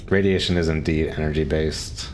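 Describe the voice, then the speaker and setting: A man's voice: a bass voice, fairly even intonation, normal speed, a little mellow, a little hiss or hum. A man streaming a game, chatting casually and answering chat questions, with frequent chuckles. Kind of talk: casual live-stream commentary.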